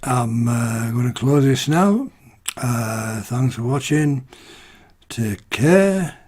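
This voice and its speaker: A British vlogger rants to camera in a casual opinion piece, exasperated and rhetorical, forever tossing in "right?" and "you know." His voice is medium-pitched, expressive and slow, a little mellow with a husky grain.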